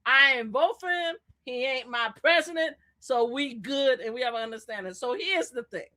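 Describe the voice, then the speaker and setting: A woman calling in as a guest on a live stream, talking loud, animated and sassy in casual political chat. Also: high voice, moderate pace. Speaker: guest commentator.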